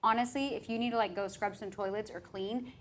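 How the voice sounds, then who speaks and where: A woman's voice: mid-range voice, steady tone, a little fast. A woman hosting a podcast in casual chat, a rambling, self-deprecating storyteller. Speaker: podcast host and hair trainer.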